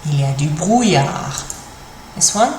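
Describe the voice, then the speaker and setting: A woman teaching a beginner French lesson, speaking clearly and patiently, repeating phrases slowly. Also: low-pitched, lively intonation, darkish tone, reverberant, a little hiss or hum, poor audio.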